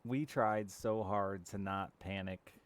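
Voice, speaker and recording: A man's voice: on the low side, fairly even intonation, slow pace. A man in his thirties chatting casually and candidly with viewers while streaming a game, swearing now and then. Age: 30s. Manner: chats with live viewers. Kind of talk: casual chat while gaming.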